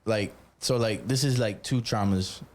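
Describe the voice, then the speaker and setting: A podcast co-host asking a friend probing follow-up questions in casual chat, with short backchannels. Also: male voice, on the low side, a little slow, slight background noise.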